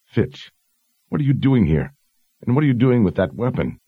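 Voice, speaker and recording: Guy doing a stern lady sergeant, calm and firm, bit husky, kinda dull sound. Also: medium pitch, moderate pace, dry recording, pitched above the performer's own voice. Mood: incredulous. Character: stern, commanding woman sergeant of the guard.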